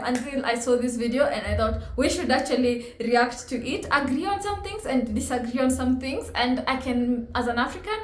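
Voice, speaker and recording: A woman's voice: high-pitched, lively intonation, normal speed, hardly any pauses, reverberant, slight background noise. A woman from Kenya hosting a reaction video, chatting animatedly and laughing often. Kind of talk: casual reaction commentary.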